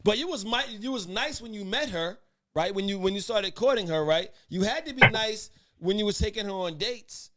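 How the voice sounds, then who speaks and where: A man's voice: high voice, lively intonation, moderate pace, noisy background. A man hosting a casual podcast debate, who keeps calling for order and talks in rambling restarts. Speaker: podcast host.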